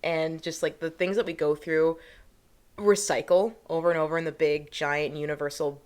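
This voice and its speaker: Woman co-host with a low voice, bubbly and slangy, casual podcast delivery. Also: fairly even intonation, moderate pace, a little mellow. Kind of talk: casual history podcast chat.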